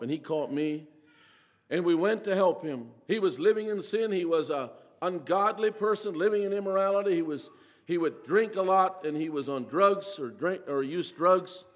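A man preaching a sermon in an earnest way, repeating phrases and slowing down for emphasis. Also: on the high side, in a large hall.

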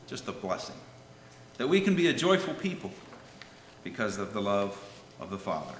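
A man preaching a sermon, swinging from loud calls to hushed lines, and reading scripture in old-fashioned wording. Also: lowish voice, very animated, normal speed, long pauses, a little hiss or hum. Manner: reads scripture in King James wording. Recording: echoey hall with long reverb.

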